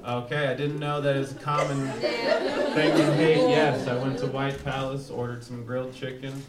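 A man's voice: medium pitch, little pitch movement, moderate pace, a loud crowd. Man telling a rambling stand-up story. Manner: rambling, profane, self-mocking storytelling. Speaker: stand-up comedian. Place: live comedy show before an audience. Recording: echoey room, from far off, loud noise. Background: audience laughter.

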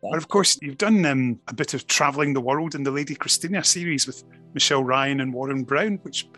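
A man's voice: mid-range voice, fairly quick, pushed and bright, soft background music. A man, interviewing an actress in a friendly way. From Scotland.

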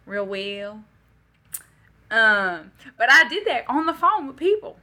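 A young woman telling stories in casual chat, animated and swearing, acting out what people said. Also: high-pitched, normal speed. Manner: animated, swearing, laughing, acts out quotes. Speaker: resort reservations agent.

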